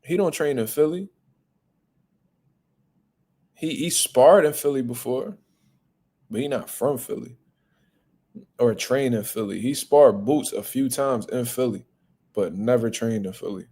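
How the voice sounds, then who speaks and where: A man hosting a boxing talk show, chatting casually in a blunt, profane, animated way. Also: medium pitch, a little slow, long pauses, husky. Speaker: boxing podcast host. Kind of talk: casual chat.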